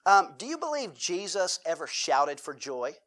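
A male pastor delivering a sermon in a relaxed, conversational manner. His voice sits a little high for a man, and he breaks up the preaching with joking asides. He keeps turning to the congregation with questions. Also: normal speed.

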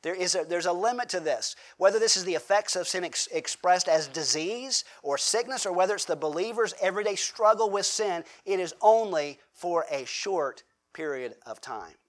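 Middle-aged American man, pastor, high-pitched voice, chatty conversational sermon delivery with rhetorical questions. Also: animated, moderate pace, hardly any pauses. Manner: conversational preaching with rhetorical questions and acted-out quotes.

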